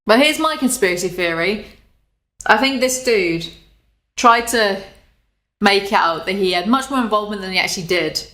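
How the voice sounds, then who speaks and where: A woman's voice: mid-range voice, normal speed, long pauses. Sarcastic British woman in an echoey room. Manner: sarcastic, animated, swears freely. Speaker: commentary YouTuber. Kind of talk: casual commentary.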